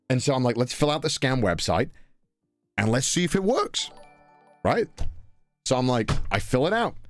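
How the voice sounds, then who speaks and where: A young British man tells a travel anecdote in a casual, animated way. His pitch swings widely, jumping into high squeaks when he acts out his own panic, and he swears freely. Faint music plays underneath. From Britain. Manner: swearing, mimics voices, high-pitched exclamations. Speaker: podcast storyteller.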